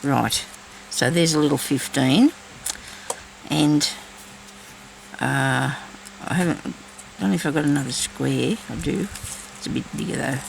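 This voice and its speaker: A woman's voice: extremely low pitch, unhurried, vocal fry, slight background noise, poor audio. A woman chatting casually while she crafts, thinking aloud and talking to herself as she works. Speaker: crafting vlogger.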